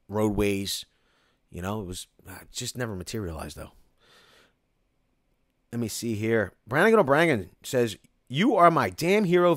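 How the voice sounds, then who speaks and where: Middle-aged Philly-accented host, low voice, dry close sound, loose rambling live-chat delivery. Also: male voice, dry recording. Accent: Philadelphia. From Philadelphia. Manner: rambling, restarts often, reads comments aloud. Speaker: construction company host answering viewer questions. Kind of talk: casual live-stream Q&A chat.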